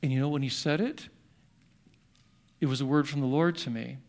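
An older man who is a pastor, preaching a sermon in an earnest storytelling manner that shifts between hushed and emphatic. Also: mid-range voice, normal speed.

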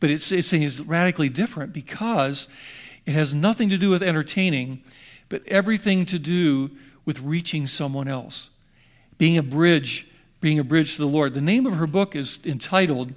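A man's voice: on the high side, moderate pace. An older man preaching a sermon in a conversational, rambling way, full of restarts and asides. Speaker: pastor.

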